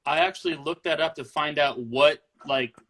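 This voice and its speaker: Laid back guy rambling along, voice a bit on the high side. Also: moderate pace, vocal fry, a bit bright, low-quality recording. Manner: easygoing, rambling, many restarts. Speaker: podcast host. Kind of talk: casual chat.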